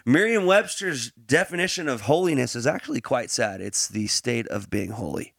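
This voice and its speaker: A man hosting a podcast, moving from relaxed chat into a Bible teaching, laughing easily and using many fillers and restarts. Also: medium pitch, normal speed, vocal fry, dry recording, clean studio sound.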